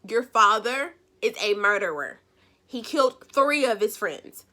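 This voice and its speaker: Woman vlogger, high bright voice, sassy and animated, casual episode recap. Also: measured pace. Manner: animated, sassy, acts out characters' lines.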